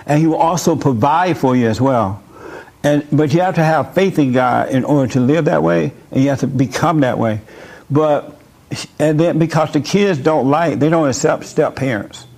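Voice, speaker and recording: Hosting a casual faith talk, a man tells stories with a joking, chuckling manner that becomes preachy in his explanations. His medium-pitched voice is a little mellow and moves at a normal speed.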